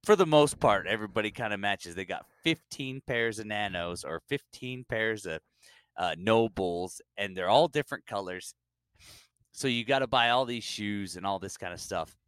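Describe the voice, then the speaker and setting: Male podcast co-host, lowish voice, doing an animated stand-up bit with jokey character voices. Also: normal speed, smooth, dry recording, clean studio sound. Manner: animated storytelling, jumping into high-pitched mock voices.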